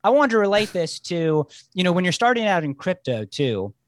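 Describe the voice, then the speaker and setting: A man chatting as a podcast guest, telling lively, rambling stories. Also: high voice, fairly quick, dry recording, clean studio sound. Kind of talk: casual chat.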